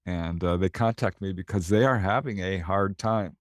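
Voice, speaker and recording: A man, a paranormal investigator, telling anecdotes in a casual interview in an animated way. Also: low voice, normal speed, no echo, clean studio sound. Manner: animated, anecdotal, laughs between lines.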